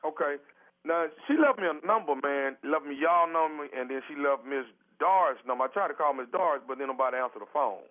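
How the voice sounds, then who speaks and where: A man puts on a pushy, pleading fellow stuck numb on a toilet and stretching every word in slang. His voice sits high for a man. It comes through a tinny phone line, as on a prank call. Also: lightly acted. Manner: insistent, pleading, drawn-out slang. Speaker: prank caller.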